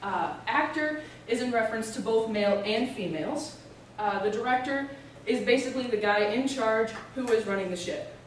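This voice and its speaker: A young woman giving an informative speech as a student presenter, explaining steadily with the odd filler pause. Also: a little high, expressive, a little hiss or hum. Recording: echoey room, voice from a distance.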